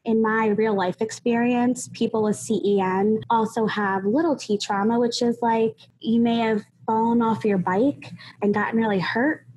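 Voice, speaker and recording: A woman's voice: fairly high pitch, fairly even intonation, moderate pace, a little mellow, poor audio. A woman who is a guest therapist on a podcast, explaining things at length and often adding "like" and "you know". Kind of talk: podcast interview.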